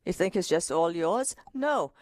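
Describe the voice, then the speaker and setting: A woman co-hosting a retirement money show, talking in a lively, direct, playful way. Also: on the low side, measured pace, no echo, studio quality. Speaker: co-host financial advisor. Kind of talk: casual radio-style talk.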